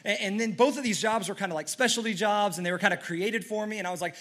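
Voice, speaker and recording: A male pastor preaching a sermon on a church stage, telling a personal story in an earnest way, with many restarts and sudden swings between loud and quiet. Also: sits high, quick pace, hardly any pauses.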